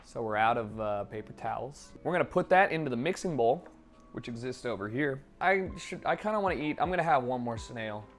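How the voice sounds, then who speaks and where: A young man streaming himself cooking, chatting casually in a joking, profane, rambling way with sudden loud outbursts. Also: medium pitch, expressive, fairly quick, soft background music. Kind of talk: casual live-stream chat while cooking.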